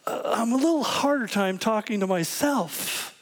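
Guy preaching a sermon, kinda high voice, animated storyteller. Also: normal speed. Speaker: pastor.

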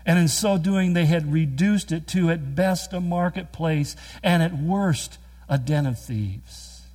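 A man preaching a sermon, earnest and emphatic, with quick storytelling asides. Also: a little high, a little mellow. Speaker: pastor.

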